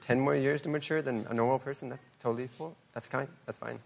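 A man in his twenties, a grown son on a talk show, talking in a quick, flat, defensive way. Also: medium pitch, gravelly. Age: 20s.

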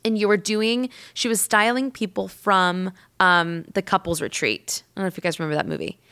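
A woman podcast host telling a rambling personal story in casual chat, with lots of "like" and lively acted-out quotes. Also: medium pitch, fairly quick, clean tone. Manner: chatty and rambling, heavy use of "like"; lively, acts out quoted people.

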